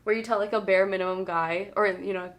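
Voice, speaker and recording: A woman's voice: medium pitch, fairly even intonation, fairly quick. A young woman co-hosting a podcast, chatting casually about music with lots of "like" and easy laughter. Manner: chatty, frequent "like", laughs easily. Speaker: podcast co-host.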